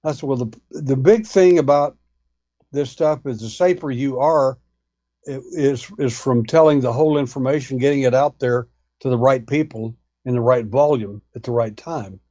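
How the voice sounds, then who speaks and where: A man's voice: mid-range voice, normal speed, dark tone, lo-fi sound. A man telling a long story in a folksy way, acting out the people he quotes. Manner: folksy, acts out dialogue in retelling. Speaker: guest, alien abduction researcher. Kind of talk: storytelling anecdote.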